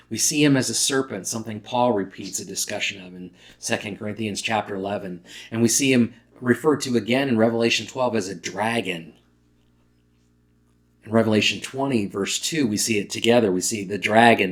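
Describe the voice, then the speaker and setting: Male pastor, lowish voice, conversational sermon delivery, self-corrects mid-word.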